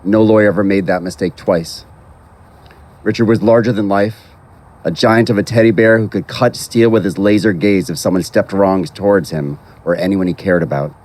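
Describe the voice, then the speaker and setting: A man officiating at an outdoor graveside, delivering a formal, measured prepared eulogy. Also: low voice, fairly even intonation, a little mellow. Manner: measured, formal, reading from a text.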